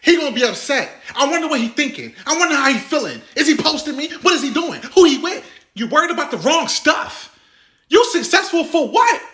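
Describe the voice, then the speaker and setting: A woman talks straight to the camera in a blunt, lecturing rant. Her voice is bright and swings widely in pitch. The sound is roomy and echoey. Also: very animated, fast talker.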